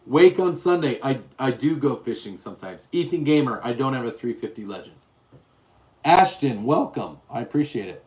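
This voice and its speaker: A man's voice: medium pitch, animated, moderate pace, a little mellow. A middle-aged man hosting a casual livestream, chatting and reading viewer names aloud. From Utah, US. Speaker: livestream host.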